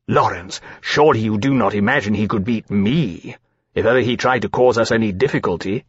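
A man voicing a large male dragon who speaks frankly and earnestly, quick to take offence. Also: on the low side, breathy edge, no echo. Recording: slightly dull, dry recording.

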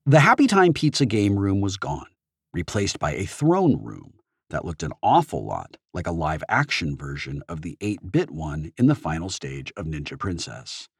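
A man narrating an audiobook in the first person with expressive storytelling. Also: on the low side, husky, no room sound, clean studio sound.

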